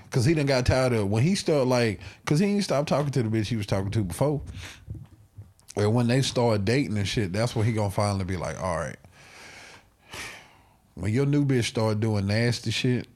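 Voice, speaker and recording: A man's voice: mid-range voice, brisk. A man hosting a podcast, telling stories in casual, profane banter and laughing often. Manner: animated, laughing, profane storytelling. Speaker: podcast host.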